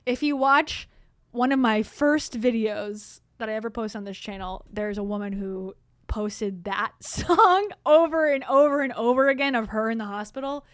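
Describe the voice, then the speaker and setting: A middle-aged woman hosts a casual livestream and tells her own stories in a chatty way, laughing often. Her voice sits a little high. The sound is dry and close to a streaming mic. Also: clean tone, no room sound. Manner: chatty storytelling, frequent laughs. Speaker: livestream host.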